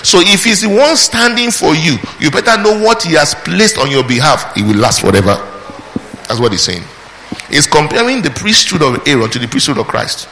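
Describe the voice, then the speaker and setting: A man's voice: on the high side, big pitch swings, moderate pace, bright, forceful tone. A man preaching a sermon, emphatic, asking the congregation questions, answering them himself, and calling out praise between points. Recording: long hall reverb with faint background noise.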